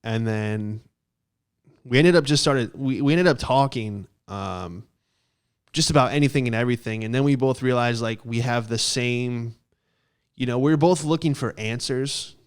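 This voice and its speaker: Clear and resonant, this medium-pitched man speaks at a normal speed as a young podcast host, rambling comically through a story full of profanity and filler words.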